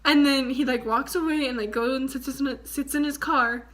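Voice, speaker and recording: A woman's voice: high-pitched, moderate pace. A young woman vlogger telling a story casually to the camera, chatty and full of "like". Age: young adult. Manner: chatty, fillers of "like", animated retelling.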